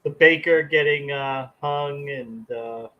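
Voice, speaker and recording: A man's voice: a little high, measured pace, narrow, tinny audio, a little hiss or hum. A man co-hosting a casual livestream chat, tossing in dry, joking interjections. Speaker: podcast co-host.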